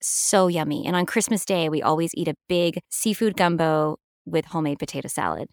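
A middle-aged actress talking in a relaxed, enthusiastic interview, laughing often. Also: female voice, sits low, fairly quick, no echo, studio quality. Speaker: actress guest. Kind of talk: casual interview chat.

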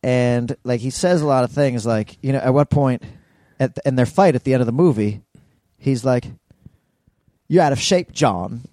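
A man's voice: mid-range voice, normal speed, no echo, clean studio sound. A man co-hosting a podcast, joking and swearing as he retells movie scenes. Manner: profane, jokey, animated retelling. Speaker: podcast co-host. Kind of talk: casual chat.

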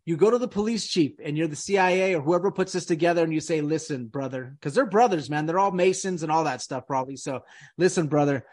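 A man's voice: a little high, fast, hardly any pauses, a little mellow. A man hosting a casual podcast, rambling and emphatic, peppering his talk with dude and man. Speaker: podcast host. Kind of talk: casual conspiracy podcast chat.

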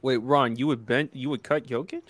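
A man's voice: medium pitch, fairly even intonation, normal speed, a bit bright. A man co-hosting a basketball podcast, questioning the others' picks and then explaining his own. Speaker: podcast co-host. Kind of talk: casual sports debate.

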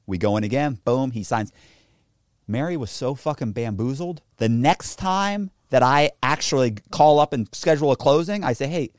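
A man's voice: mid-range voice, moderate pace, dry recording, studio quality. A man telling a story in an interview, swearing freely and acting out the people in it. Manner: profane, animated, acts out the people in his story. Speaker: interview guest. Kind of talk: casual storytelling.

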